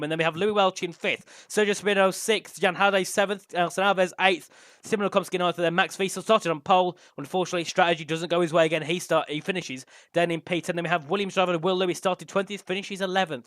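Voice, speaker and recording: A man's voice: sits high, a bit bright, no echo, clean studio sound. A young man co-commentating an online racing league, enthusiastic and talking with a sore throat. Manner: enthusiastic, talks the results through steadily.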